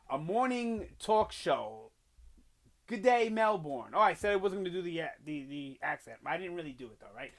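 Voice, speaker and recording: A man's voice: sits high, a bit bright. A man casually reviewing a TV episode, rambling with many fillers and restarts as he retells scenes, recorded on a home microphone. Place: home room with an echo he notices.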